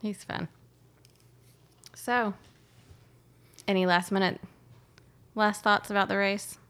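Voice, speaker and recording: A woman co-host on a podcast speaks at medium pitch and a slow pace. The talk is easygoing chat, and she laughs and giggles frequently as she tells stories with animation.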